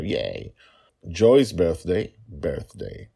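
A man hosting a fantasy story podcast, narrating in an animated way with chuckling asides. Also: a bass voice, measured pace, creaky, breathy edge.

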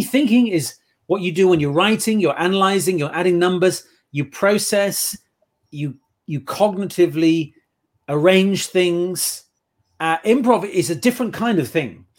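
A man on a casual interview, telling playful anecdotes about his work as an improv performer. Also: high voice. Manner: chatty anecdotal storyteller, playful.

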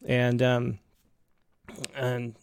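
A man's voice: mid-range voice, monotone, extremely slow, clean tone, no room sound, studio quality. A man hosting an interview, speaking thoughtfully and searching for words. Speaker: podcast host. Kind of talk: conversational interview.

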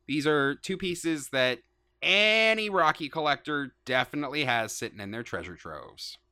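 A woman's voice: deep voice, animated, normal speed, bright, forceful tone, dry recording. A woman co-hosting a casual podcast, joking and reading out news segments. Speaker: podcast co-host.

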